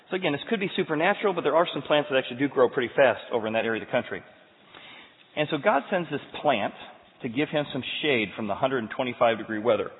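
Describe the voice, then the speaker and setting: A male pastor preaching a sermon, telling the story in an animated way and moving between loud and quiet passages. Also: mid-range voice. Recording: tinny sound, long hall reverb.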